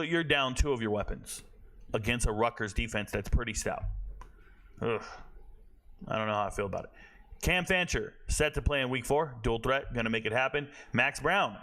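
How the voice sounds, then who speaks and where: A man hosting a college football show, talking casually and bluntly, rambling and correcting himself, with a tired, low-energy delivery. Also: normal speed, pushed and bright. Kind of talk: casual sports commentary.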